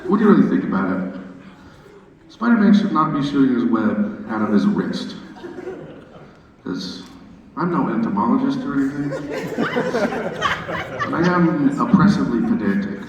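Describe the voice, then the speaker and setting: A man's voice: medium pitch, moderate pace, far from the mic, lo-fi sound. Man doing stand-up in an echoey club. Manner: animated, playful, self-mocking delivery. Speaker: stand-up comedian. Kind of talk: stand-up comedy set. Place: comedy club stage. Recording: echoey club recording from afar, crowd laughter.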